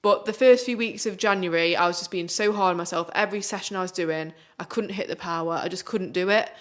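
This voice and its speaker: A woman's voice: on the low side, fast. A young woman, co-hosting a podcast in a chatty, upbeat way with many fillers. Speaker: podcast co-host. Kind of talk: casual podcast chat.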